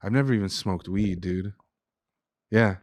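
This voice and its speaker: A man's voice: low-pitched, unhurried, a little mellow, no room sound. Casual young man telling a heartfelt story. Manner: casual, says "dude" and "like" often. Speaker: guest, chef and restaurant owner. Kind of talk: emotional personal storytelling.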